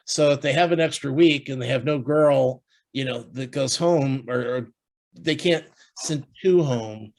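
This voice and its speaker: A man in easy podcast chatter who trips over his own words, restarting sentences and filling gaps with "uh" and "you know." His voice sits at an ordinary middle pitch, and he sounds like he is thinking out loud with a friend. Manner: halting, many restarts and fillers. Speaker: podcast co-host. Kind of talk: casual chat.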